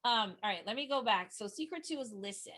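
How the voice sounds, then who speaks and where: A middle-aged woman, a nonprofit communication trainer, gives a brisk webinar presentation close to the mic. Earnest and chatty, she keeps restarting sentences and jumps up in pitch when excited.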